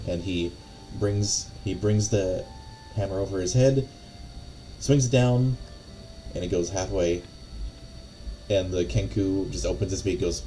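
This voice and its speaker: A man's voice: low voice, unhurried, pauses often, warm tone, faint music behind, poor audio. A man narrating as game master of a tabletop game, rambling with lots of fillers and restarts.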